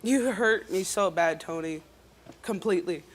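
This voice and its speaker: A woman's voice: fairly low pitch, measured pace, a little hiss or hum. Hurt, pleading young woman. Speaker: guest's daughter. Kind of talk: emotional plea. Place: TV studio stage.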